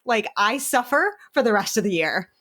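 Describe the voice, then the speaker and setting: A woman's voice: fairly high pitch, normal speed. Chatty American woman guest. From United States. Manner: chatty, laughs often, animated. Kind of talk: casual podcast interview. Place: home office with windows open.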